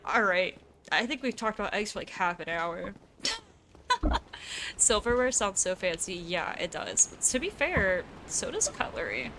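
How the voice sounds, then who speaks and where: A woman's voice: medium pitch, lively intonation, measured pace, noisy background. A young woman from the United States with an East Coast accent, chatting casually with her chat while gaming, laughing often and swearing offhandedly. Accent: American East Coast. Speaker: streamer.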